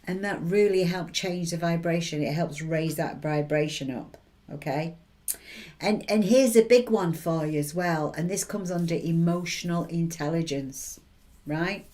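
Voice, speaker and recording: Woman, lowish pitch, chatty, encouraging, motivational advice. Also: unhurried, mellow. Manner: chatty, encouraging, keeps checking in with tag questions. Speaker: intuitive reader and advice giver. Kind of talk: motivational advice talk to camera.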